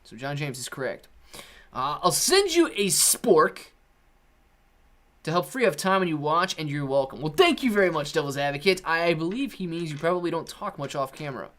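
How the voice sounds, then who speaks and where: Laid-back slangy man, higher-pitched. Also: sing-song, moderate pace, fairly bright tone. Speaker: livestream host. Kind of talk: casual live Q&A, reading chat.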